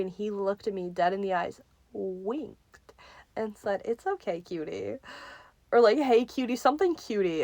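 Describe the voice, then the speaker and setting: A young woman telling a casual story-time vlog, excitable and giggly and swearing freely. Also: medium pitch, dry recording. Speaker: vlogger.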